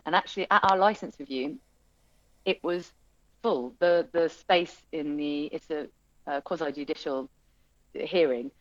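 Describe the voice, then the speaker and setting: A woman speaks in a low voice. She tells her story in a chatty, animated way, with plenty of ums and restarts. The recording is dry and slightly dull, with no room sound. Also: normal speed, no echo. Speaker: music venue owner. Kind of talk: interview conversation.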